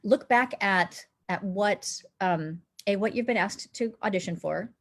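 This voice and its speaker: A woman's voice: mid-range voice, measured pace, creaky. Woman dialect coach giving advice. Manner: earnest, explanatory, advising actors. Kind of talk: live online Q&A chat. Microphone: video call.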